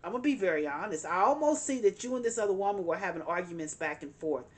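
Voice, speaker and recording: A woman's voice: lowish voice, lively intonation, fast. A woman tarot reader talking straight to the listener, emphatic and repeating her points as she reads the cards. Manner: emphatic, repeats phrases, addresses the listener directly. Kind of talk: tarot reading monologue.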